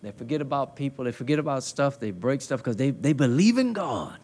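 In a conference hall, a man preaches a sermon into a handheld mic, speaking briskly at a medium pitch with big pitch swings. His folksy, colloquial delivery builds to loud, emphatic call-and-response peaks.

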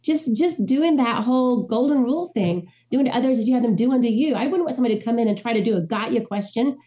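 A middle-aged woman from the American Midwest talks quickly in a relaxed interview. Her voice is mellow and dark rather than bright. She tells animated stories and acts out the voices of the people in them. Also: a little high. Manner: animated storyteller, acts out quoted dialogue. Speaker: ghostwriter, interview guest. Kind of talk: conversational interview.

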